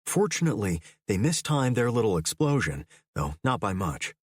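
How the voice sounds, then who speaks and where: A man's voice: on the low side, sing-song, normal speed, slightly rough, dry recording, clean studio sound. A man voicing a confident archaeologist who talks in a firm, urgent, matter-of-fact way. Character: confident male archaeologist, blunt and insistent.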